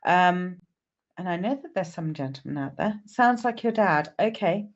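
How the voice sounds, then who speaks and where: A woman's voice: fairly low pitch, expressive, moderate pace, highs cut off. A woman, a psychic medium, chatting on a live stream and greeting viewers by name.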